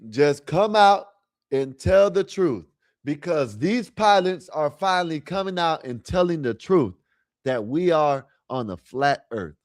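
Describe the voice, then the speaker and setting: A man's voice: fairly high pitch, lively intonation, unhurried, no room sound, studio quality. A man hosting a livestream, rambling casually and talking straight to his viewers. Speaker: livestream host.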